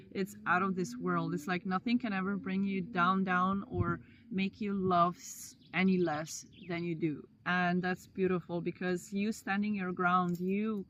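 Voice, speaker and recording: A woman's voice: lowish voice, a bit bright, a little hiss or hum. A woman giving a casual tarot reading to her viewers, chatty and slangy, with playful asides. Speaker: tarot reader.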